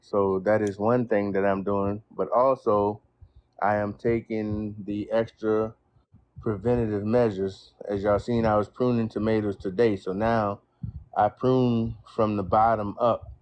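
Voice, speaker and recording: A man who is a guest gardener in a casual live-stream chat, speaking in a measured way with "uh" pauses. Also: lowish voice, flat delivery, highs cut off.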